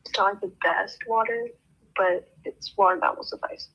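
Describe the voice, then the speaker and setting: A woman's voice: medium pitch, big pitch swings, moderate pace, gravelly, highs cut off, background noise. A woman hosting a book club, reading a novel aloud in the first person and breaking off now and then to laugh.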